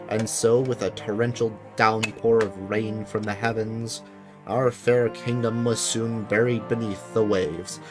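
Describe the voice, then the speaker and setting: A man reads game dialogue in the role of a solemn ancient king who speaks through a talking boat, delivering it gravely and with measured care. His natural voice sits on the low side.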